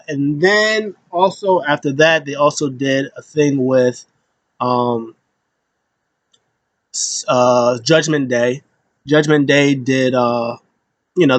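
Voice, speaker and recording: A man talks through a wrestling recap in a loose, rambling way, full of ums and restarts. His voice sits at a middle pitch. The sound is dry and close, with no room around it. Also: fairly even intonation, unhurried, no echo. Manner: rambling, filler-heavy, jumps into quoted voices. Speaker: wrestling show recap host. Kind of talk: casual solo recap.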